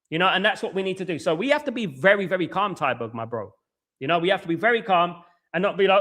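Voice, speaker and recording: High, bright-voiced man. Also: animated, fast talker. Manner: repetitive, conversational, greets viewers by name. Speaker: football channel host. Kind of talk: live-stream football talk, reading chat.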